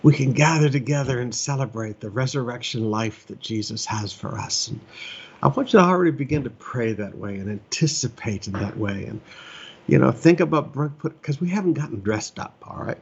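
A man's voice: medium pitch, animated, fairly quick, gravelly, slightly rough, highs cut off. A middle-aged male pastor preaching earnestly in a conversational way, pressing points with repetition. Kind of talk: preaching a sermon from home.

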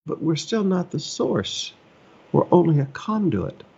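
A man's voice: fairly high pitch, big pitch swings, unhurried, creaky, dark tone, slightly rough, lo-fi sound. A middle-aged man preaching a sermon as pastor, earnest and conversational with emphatic rises, recorded at home.

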